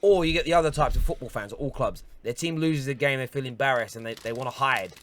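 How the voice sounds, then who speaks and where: A man's voice: mid-range voice, fairly bright tone. A man in his late twenties, calling in to a fan show, telling rambling stories in casual chat. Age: late 20s. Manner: rapid rambling storyteller. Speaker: caller.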